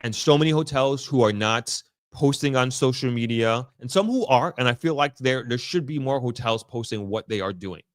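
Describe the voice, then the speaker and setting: With hardly any pauses, a medium-pitched man talks at normal speed in studio-quality audio free of room sound. He's a vlogger speaking casually to camera from the area his update is about, often starting over as he carefully picks his words.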